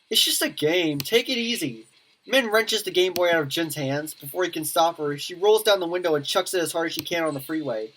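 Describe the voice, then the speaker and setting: A woman's voice: lowish voice, animated, a bit bright, a little hiss or hum. A woman playing through a visual novel, reading the characters' lines aloud in different voices and breaking off to comment. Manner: reads lines in many voices, quick reactions and laughs. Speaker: gaming YouTuber. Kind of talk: let's play, reading game dialogue aloud with commentary.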